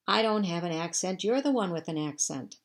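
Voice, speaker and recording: A woman's voice: lowish voice, expressive, a little fast. A woman reading aloud, voicing an eager young American rescue worker who talks earnestly and coaxes a dog.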